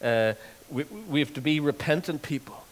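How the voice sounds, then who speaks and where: A man preaching a sermon, earnest, repeating words and slowing down to stress scripture. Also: on the high side, expressive. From Northern Ireland. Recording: long hall reverb.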